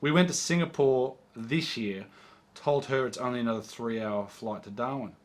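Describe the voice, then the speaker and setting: A man's voice: medium pitch, moderate pace. A man with an Australian accent, co-hosting a casual golf chat, reading out viewer questions and teasing his friend. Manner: joking, teasing banter.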